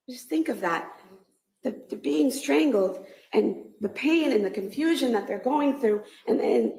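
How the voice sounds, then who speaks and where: A woman prosecutor giving a closing argument in a courtroom, measured and emphatic, building her points through repeated phrases. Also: mid-range voice, creaky, darkish tone. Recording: echoey courtroom audio.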